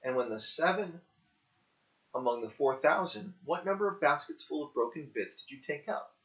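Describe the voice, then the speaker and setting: A man reading the quoted words of a calm male teacher who questions his followers, in a plain, earnest way. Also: fairly high pitch, normal speed. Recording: dull lo-fi recording.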